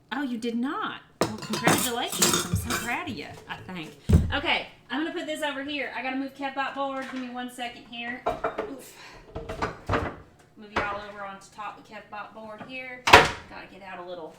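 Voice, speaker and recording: A woman, chatting casually and giggling with her viewers as she cooks in her home kitchen. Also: a little high. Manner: chatty, giggly, rambling, talks to viewers while cooking. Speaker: cooking livestreamer. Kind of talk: casual cooking livestream chat. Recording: loud background noise.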